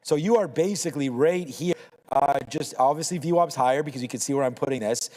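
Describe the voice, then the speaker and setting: A man's voice: mid-range voice, fast, darkish tone, in a large hall, low-quality recording. Rambling man, casual market talk. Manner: casual, rambling, thinks aloud with fillers. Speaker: trading show host. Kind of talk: live market commentary chat.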